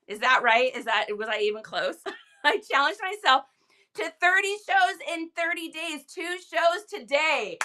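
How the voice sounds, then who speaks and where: A woman chats through a casual live selling stream in a high, bright voice. She talks loosely, laughs often and leans on "like" as a filler. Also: animated, unhurried. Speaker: livestream seller host. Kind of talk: casual livestream chat.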